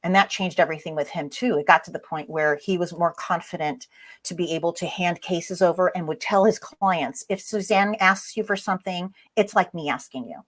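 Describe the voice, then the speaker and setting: A woman as an interview guest, telling a story in a lively way and acting out the voices in it. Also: on the low side, a little fast. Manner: lively, acts out voices in her stories.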